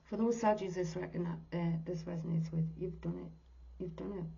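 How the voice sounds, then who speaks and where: Brisk and creaky yet mellow, a woman in her sixties with a lowish, steady voice reads tarot as a medium. She delivers the reading earnestly and from the heart, often slipping into a whisper, on a dull lo-fi recording.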